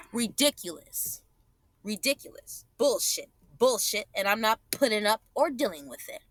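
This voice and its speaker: A woman's voice: mid-range voice, lively intonation, moderate pace, fairly bright tone, dry recording. A woman vlogger angrily commenting over her own clips, profane and repeating herself for emphasis. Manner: indignant, profane, repeats phrases.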